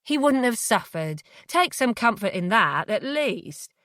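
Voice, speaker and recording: A woman reading an audiobook, voicing a calm, smug, manipulative ex-boyfriend. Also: on the high side, a little slow, no echo, clean studio sound. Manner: coolly manipulative, quietly self-satisfied. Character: obsessive controlling ex-boyfriend, man, calm and smug. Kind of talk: audiobook character voice.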